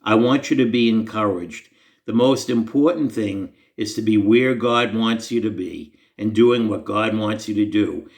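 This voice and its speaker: A man's voice: lowish voice, a little slow. Earnest man telling a faith story. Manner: earnest, conversational, self-deprecating. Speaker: Christian storyteller. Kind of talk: personal inspirational story told to camera.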